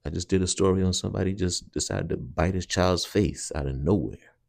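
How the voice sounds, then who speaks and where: A man's voice: low voice, brisk, creaky, darkish tone, no echo, studio quality. A man hosting a video channel, talking straight to his viewers in an earnest, rambling way. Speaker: channel host. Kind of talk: casual video commentary.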